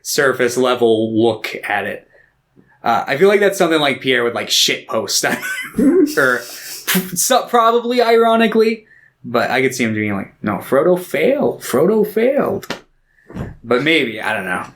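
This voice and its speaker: A man's voice: medium pitch, big pitch swings, moderate pace, a bit bright. A young man co-hosting a casual podcast chat, telling stories animatedly, swearing and acting out quotes. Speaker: podcast co-host.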